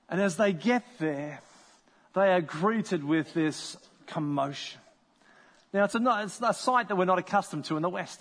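High-voiced man preaching in a hall. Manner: conversational storytelling, acts out voices. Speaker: pastor. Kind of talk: sermon.

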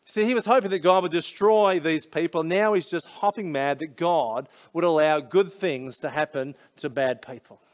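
An Australian man with a fairly high voice delivers a sermon. He talks like he is telling a story to friends, with casual slang and lots of asides. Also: moderate pace, few pauses. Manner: conversational, storytelling, many asides. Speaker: pastor.

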